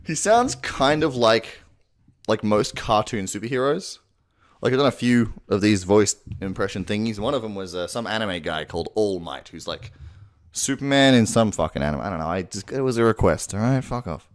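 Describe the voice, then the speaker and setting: A man's voice: lowish voice, expressive, moderate pace. A man giving a crude, rambling, self-mocking voice-impression tutorial at home. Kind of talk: casual tutorial. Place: home room at night.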